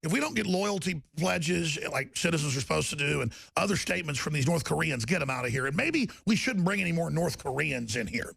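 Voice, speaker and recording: Talk host, angry rant, raspy fry-heavy voice, a bit high, dry close sound. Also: male voice, animated, fairly quick, hardly any pauses, a bit bright, no room sound. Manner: angry, ranting, repetitive. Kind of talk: political talk show rant.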